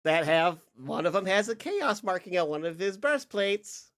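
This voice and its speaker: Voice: mid-range voice, sing-song, moderate pace, fairly bright tone. A game master narrating a tabletop game, rambling and full of filler words.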